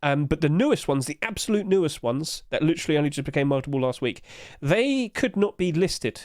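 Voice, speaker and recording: A man's voice: on the high side, animated, fairly quick, darkish tone, no room sound, studio quality. Chatty man streaming live. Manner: chatty, sing-song filler noises. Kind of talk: casual live-stream commentary.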